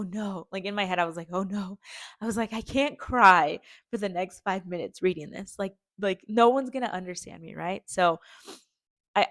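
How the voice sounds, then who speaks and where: A woman's voice: on the low side, no echo, clean studio sound. Heartfelt rambling woman telling a story. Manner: heartfelt, rambling with many fillers and restarts. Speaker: podcast host. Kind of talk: personal storytelling.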